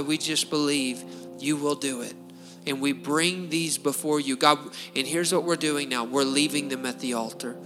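A man pastor leading a fervent spoken prayer at a church service, pleading and repeating phrases as he goes. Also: a little high.

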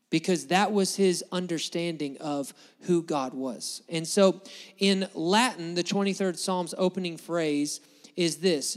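Emphatic high-voiced preacher. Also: male voice, in a large hall. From United States. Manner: emphatic, building repetition. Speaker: pastor. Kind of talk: sermon.

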